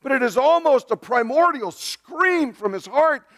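A man preaches with fervor, his voice sitting high for a man. He swings between ringing cries and hushed, heavy lines. The delivery is a pulpit sermon. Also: expressive, measured pace, creaky. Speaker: pastor.

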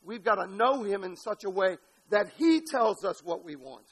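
A man preaching an impassioned sermon, building to shouted peaks and dropping to quiet, low passages. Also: animated, moderate pace, breathy edge, rough recording. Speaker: pastor.

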